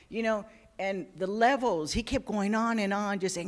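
A woman speaks at a church service, telling her story with deep feeling. Her voice sits at an ordinary pitch and wavers close to tears at times. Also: moderate pace. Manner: emotional, tearful at times, warm storytelling. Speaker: church member giving a tribute. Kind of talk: heartfelt spoken tribute.

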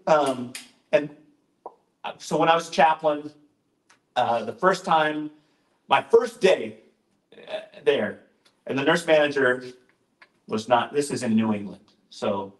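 A man's voice: a little high, slow, pauses often. A male pastor giving an informal, conversational talk, often interrupting himself with asides and jokes. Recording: roomy echoing room.

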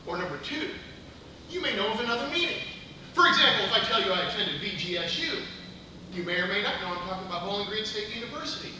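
A middle-aged man giving a humorous contest speech with punchy comic timing and quick asides, to an audience in a large meeting room. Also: high-pitched. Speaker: contest speaker. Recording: echoey room from far off. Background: audience laughter and room noise.

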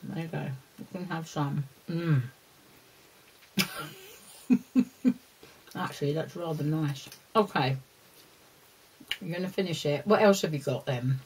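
In a low, dark, husky voice, a woman takes her time over a children's lesson, leaving long pauses. She chats lovingly with her puppet dog and the kids, laughing and occasionally scolding, on a rough recording.

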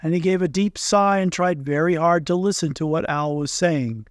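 A man narrating a children's storybook in a calm, measured way. His voice sits slightly high. It is recorded close and dry, with no room sound. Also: dry recording. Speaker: audiobook reader.

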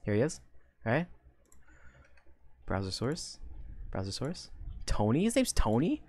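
A woman streaming a live reaction, talking to her chat, swearing casually and bursting into laughter and loud exclamations. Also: extremely low pitch, very animated, a little slow.

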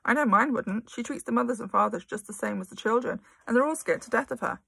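A woman reads a cocky older schoolgirl sharing gossip in a confiding, hushed way. The tone is gravelly and slightly husky, and the speech is informal. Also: on the high side, quick pace, dry recording, full character voice. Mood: breezy. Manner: confiding, often whispered.

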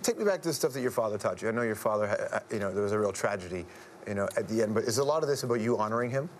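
A man hosts a talk show and talks quickly in an easy, joking way. He laughs often and uses casual slang. The studio has a clear background hum. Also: on the low side, lively intonation. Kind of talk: casual TV interview.

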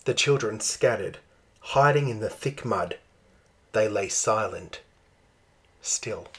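A man reading a children's picture book aloud in a slow, expressive storytelling manner. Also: lowish voice, slightly rough. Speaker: storybook reader.

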